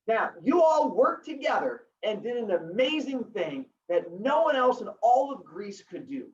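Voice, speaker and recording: A man voicing Aesop as a patient, coaxing teacher, a little higher than his own voice. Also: sing-song, measured pace, lo-fi sound, slight background noise. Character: Aesop, patient old male storyteller and teacher.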